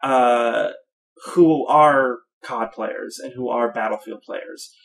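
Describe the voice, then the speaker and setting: A man co-hosting a gaming podcast in casual chat, opinionated and quick to laugh. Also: mid-range voice, gravelly, a bit bright. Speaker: podcast co-host.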